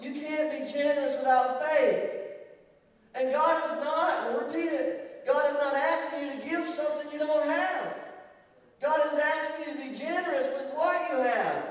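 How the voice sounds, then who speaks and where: A man preaching a sermon as pastor, telling stories with jokes, moving between loud emphasis and quiet asides. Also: very high-pitched, normal speed. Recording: echoey hall, distant from the mic.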